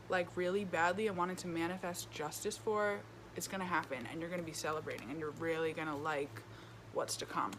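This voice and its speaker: A woman's voice: fairly low pitch, slight background noise. A woman giving a casual tarot reading with a retainer in her mouth, chatty and full of fillers, often checking in with "okay?". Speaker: tarot reader.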